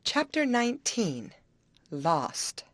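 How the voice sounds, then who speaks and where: A woman narrating an old adventure novel aloud in an expressive storytelling manner. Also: mid-range voice, slow pace, no room sound. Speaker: audiobook reader. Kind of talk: scripted narration.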